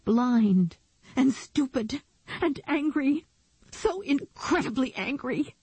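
A vulnerable woman in love, torn and emotional, played by a female audiobook narrator. Her voice sits higher and breathier than the narration around it, mellow and close on a dry recording. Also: expressive, slow, breathy edge, no echo, exaggerated voice. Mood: anguished.

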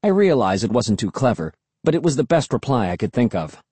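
A man reads a first-person children's story with an animated, rising and falling delivery. His tone is mellow and a bit husky. The recording is dry and close, with no room sound. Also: medium pitch, a little fast, no room sound. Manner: expressive, animated. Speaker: audiobook narrator. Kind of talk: scripted first-person narration.

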